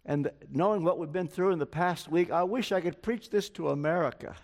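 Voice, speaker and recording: An older man delivers a sermon at a slow, measured pace, earnest and personal. His voice sits somewhat high for a man. Long reverb from a large church hall hangs on each phrase. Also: darkish tone. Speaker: preacher.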